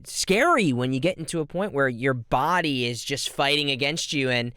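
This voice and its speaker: A man's voice: mid-range voice, lively intonation, moderate pace, sharp tone, clear, resonant tone, dry recording. A man hosting a podcast, telling a story and asking a rambling question. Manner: rambling, lots of restarts and self-corrections. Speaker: podcast host. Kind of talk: podcast interview.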